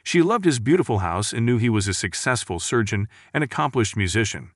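An automated male voice reading a magazine article in a measured, scripted way. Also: medium pitch, expressive, no room sound, studio quality. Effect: synthetic text-to-speech voice. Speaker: article reader.

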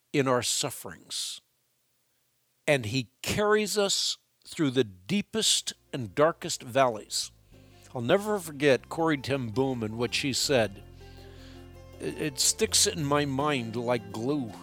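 A man hosting a call-in radio show, teaching in an earnest, measured, devotional way. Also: medium pitch, fairly bright tone.

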